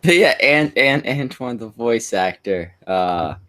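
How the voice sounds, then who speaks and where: A man's voice: mid-range voice, lively intonation, takes it slowly, a bit bright. A man co-hosting a stream, bantering crudely and rambling with lots of fillers. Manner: rambling, many fillers and restarts. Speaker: stream co-host.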